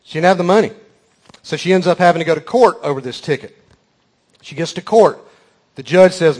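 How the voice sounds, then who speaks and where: Preacher guy, folksy and emphatic, high-ish voice, says y'all a lot. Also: lively intonation, brisk, darkish tone. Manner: folksy, emphatic, repeats key phrases. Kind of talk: sermon storytelling.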